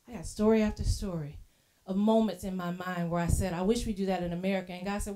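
Lady preacher telling stories in church, kinda high voice, chatty and animated. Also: normal speed, pauses often. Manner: lively storytelling, acting out quoted voices; casual colloquial phrasing. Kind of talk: sermon.

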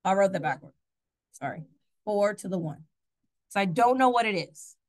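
A woman's voice: medium pitch, expressive, normal speed. A woman teaching a math class in a classroom, chatty, asking the students questions and correcting her own slips.

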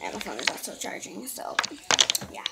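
A young woman rambles casually to her handheld phone camera in her bedroom, leaning on fillers like "so" and "yeah." Her low-ish voice swoops wildly in pitch with vocal fry at a moderate pace, and the recording is very noisy.

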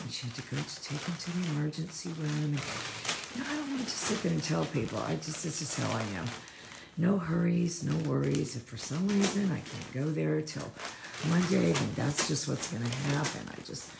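A very deep, heavily gravelly woman talks casually about training dogs, rambling from one point to the next in a lively, swooping voice. She is recorded in an echoey room with clear background noise. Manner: rambling, animated, acts out quoted voices. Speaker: dog trainer. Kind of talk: casual livestream chat.

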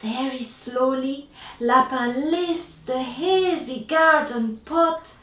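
Slow high-voiced woman reading a storybook. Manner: slow, expressive, sound-effect voicing. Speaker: author reading her picture book. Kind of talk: children's storybook read-aloud. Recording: roomy echo, distant mic.

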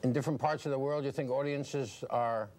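A man interviewing a guest on TV, asking brisk, direct questions. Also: mid-range voice, fairly even intonation, darkish tone.

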